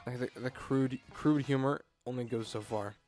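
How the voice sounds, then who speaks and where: A man's voice: mid-range voice, steady tone, moderate pace, darkish tone, faint music behind. Male co-host, laconic, casual listener. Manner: short laconic reactions. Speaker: let's play co-host. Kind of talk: casual chat.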